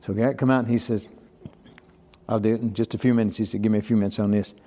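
An older man chats in a relaxed, folksy way, acting out the people in his stories. His voice is dark and mellow. The room rings with a long echo. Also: fairly low pitch, racing. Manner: folksy storyteller, acts out quoted dialogue. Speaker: podcast guest. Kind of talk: casual storytelling.

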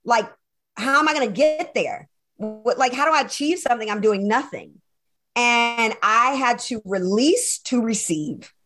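Female interview guest, high-ish voice; lively storyteller who acts out her own past dialogue and laughs easily. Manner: addresses listeners as y'all; laughs often. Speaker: podcast guest, sales coach. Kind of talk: personal storytelling in conversation.

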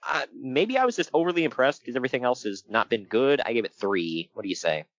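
A fast-talking, mid-range-voiced man co-hosts a wrestling-review podcast, chatting casually, laughing a lot, and telling animated stories. The recording is dry and lo-fi.

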